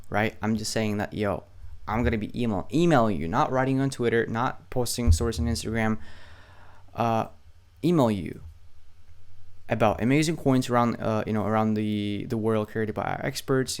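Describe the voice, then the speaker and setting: A man's voice: fairly low pitch, clean tone. A young man teaching email marketing in a loose, conversational tutorial, swearing freely and checking in with "right?" all the time. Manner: loose, profane, conversational, keeps asking "right?". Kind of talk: casual screen-share tutorial.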